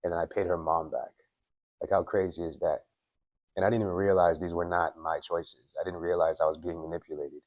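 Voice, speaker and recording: Very deep, flat-voiced man giving blunt life advice. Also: a little fast, dry recording. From Dominica. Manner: candid, opinionated, filler-heavy with frequent "like"; clears his throat often. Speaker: self-improvement vlogger. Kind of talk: casual motivational monologue. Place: at his workplace.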